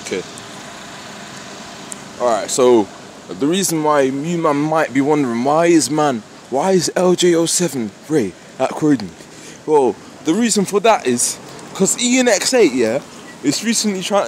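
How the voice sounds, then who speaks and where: A young man, vlogging casually while bus spotting, slangy and excitable, swearing freely. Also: on the high side, normal speed. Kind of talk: casual street vlog. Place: outdoors by a busy road. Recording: street traffic noise.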